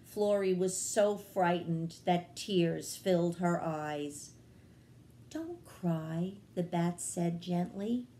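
A woman, a children's librarian, narrating a storybook aloud in a calm, measured way. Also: fairly low pitch, slight background noise.

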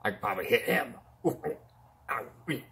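A man's voice: medium pitch, lively intonation, brisk, fairly bright tone. A man voicing a boastful, whiny male clown villain in a toy-figure fan play, pleading and taunting by turns and yelping in pain.

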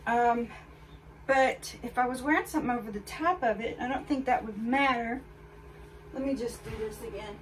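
A woman's voice: on the high side, normal speed. Chatty woman vlogger, slightly distant mic. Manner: chatty, candid, addresses viewers directly. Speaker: fashion haul vlogger. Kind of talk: casual try-on haul chat. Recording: voice a bit far from mic, faint background noise.

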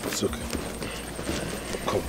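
An actor with a Nigerian accent playing a kind young man who gently comforts a crying girl. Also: slow pace, noisy background, natural voice. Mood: gentle. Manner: gentle, reassuring. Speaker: kind son. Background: film score music.

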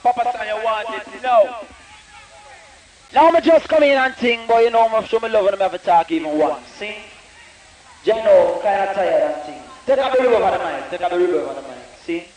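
Very high-voiced Jamaican deejay chanting live. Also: male voice, moderate pace, a little mellow. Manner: rhythmic patois chanting, talking to the crowd and sound man between verses. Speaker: dancehall deejay. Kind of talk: live dancehall toasting. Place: outdoor dance event. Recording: distant live mic with sound system music.

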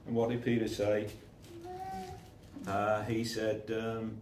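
A man's voice: lowish voice, completely flat delivery, slow, pauses often, darkish tone, a little hiss or hum. A man preaching an informal sermon, telling stories and acting out the voices of the people in them. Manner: chatty, acts out the voices in his stories. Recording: echoey room, voice from a distance.

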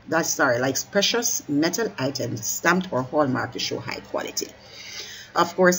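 Teacher, poem lesson walked through line by line, mid-pitched voice, self-corrects often, faint background hiss. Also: fairly bright tone, poor audio. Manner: stops to correct slips, apologizing mid-sentence; urges listeners to keep up.

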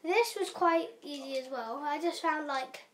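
Young woman gaming vlogger, high bright voice, chatty and rushed, slips into whispered asides. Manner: chatty and hurried, with fillers and quiet whispered asides. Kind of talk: casual game walkthrough. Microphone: camera mic.

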